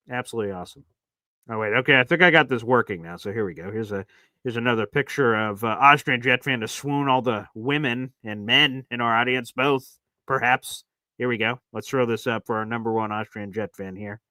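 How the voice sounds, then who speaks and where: A man in his thirties hosting a live fan show, chatting in an animated way that swings from hype to heartfelt. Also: mid-range voice, dry recording. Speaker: sports podcast host.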